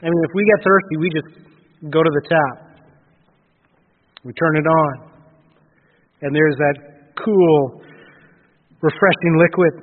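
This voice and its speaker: High-voiced preacher on tinny radio. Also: male voice, fairly even intonation. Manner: earnest preaching with frequent restarts and pauses. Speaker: pastor. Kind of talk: sermon. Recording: phone-like radio broadcast with long reverb.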